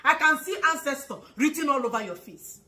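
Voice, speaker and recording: A woman with a Nigerian accent in an angry vlog commentary, scolding with rhetorical questions, mocking laughs and bursts of shouting. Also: sits high, lively intonation, fairly quick, poor audio.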